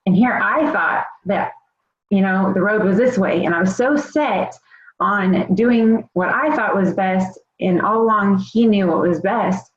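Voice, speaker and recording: A woman in her thirties tells her own story as a health coach, earnest and rambling, full of "um" and "you know". The recording is slightly muffled and dull. It rings with echo from the room. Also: mid-range voice. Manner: earnest, rambling, many fillers. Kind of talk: personal testimonial.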